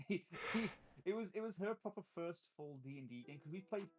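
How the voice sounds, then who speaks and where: A man's voice: high voice, lively intonation, normal speed, faint music behind. A man who hosts a chat and runs a tabletop game, rambling through stories with fillers and laughs. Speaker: host and game master. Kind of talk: casual chat.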